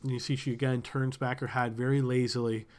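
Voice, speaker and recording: A man narrating a tabletop game as game master, relaxed and searching for words. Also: mid-range voice, fairly quick, smooth.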